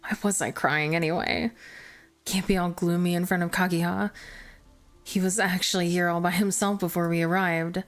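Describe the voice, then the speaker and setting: A woman's voice: fairly low pitch, moderate pace, soft background music. Woman streamer reading a visual novel aloud. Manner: expressive, self-deprecating asides between narration.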